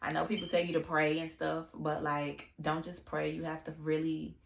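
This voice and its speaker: A woman's voice: low-pitched, completely flat delivery, normal speed, gravelly, roomy sound. A young woman talking candidly in a casual personal vlog, confiding and full of slang and fillers. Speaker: vlogger.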